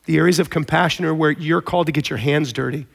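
A man preaching a sermon in a conversational, storytelling way, with animated emphasis. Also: a little high, fast, creaky. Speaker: pastor.

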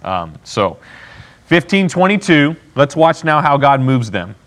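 A man's voice: a little high, sing-song, unhurried, a bit bright. Man teaching a casual Bible class. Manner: checks in constantly with "okay?"; conversational, acts out people's lines.

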